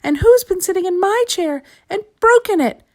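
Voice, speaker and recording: Woman doing a tiny squeaky bear cub. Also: lively intonation, moderate pace. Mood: indignant.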